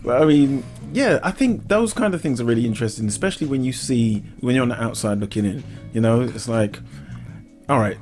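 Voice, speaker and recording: A man's voice: mid-range voice, lively intonation, brisk, darkish tone, soft background music. A man co-hosting a comedy podcast, joking in a playful, laughing way. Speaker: podcast co-host. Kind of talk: casual comedy chat.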